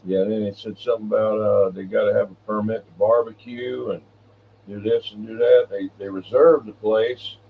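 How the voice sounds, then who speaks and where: Brief: casual radio hobbyist, man, explanatory and relaxed; narrow radio sound. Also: fairly low pitch, normal speed, gravelly, a little hiss or hum. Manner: easygoing, explanatory, fillers. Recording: tinny radio transmission.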